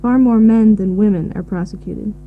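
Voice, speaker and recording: A woman giving measured, informative answers in a scripted listening recording. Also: mid-range voice. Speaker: expert answering questions. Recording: tinny phone-like audio with faint hiss.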